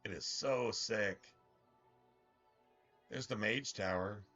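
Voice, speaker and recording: A man's voice: lowish voice, slow, sharp tone, highs cut off, faint music behind. A man streaming a game, talking in a rambling, slangy, profane way. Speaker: gaming streamer. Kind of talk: casual gameplay commentary.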